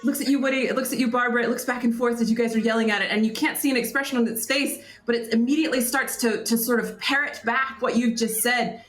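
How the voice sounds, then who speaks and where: A woman's voice: fairly high pitch, steady tone, fast, hardly any pauses, fairly bright tone, reverberant. A woman narrating as game master of a tabletop game, chatty and laughing, often restarting mid-sentence.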